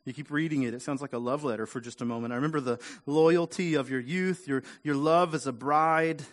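A man preaching a sermon in a conversational way, often repeating words and rising louder for emphasis. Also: fairly high pitch, brisk. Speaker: pastor.

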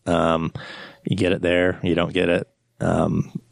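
Deep gravelly american guy on a podcast, chatty, lots of um and restarts, dry close sound. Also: completely flat delivery, no echo. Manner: halting, many restarts and fillers. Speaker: guest beer writer. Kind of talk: casual podcast chat.

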